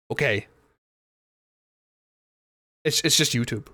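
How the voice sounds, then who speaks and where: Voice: moderate pace, no room sound, clean studio sound. A streamer chatting casually and rambling while playing a video game, with frequent restarts. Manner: rambling, animated, jumps into squeaky impressions. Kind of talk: casual gameplay commentary. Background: video game music.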